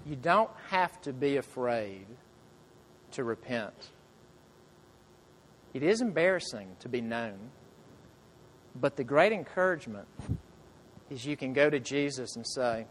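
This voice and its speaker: A man preaching a sermon to his congregation, earnest, asking the listeners question after question and dropping to soft, quiet lines. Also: medium pitch, sing-song, measured pace, long pauses. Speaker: pastor.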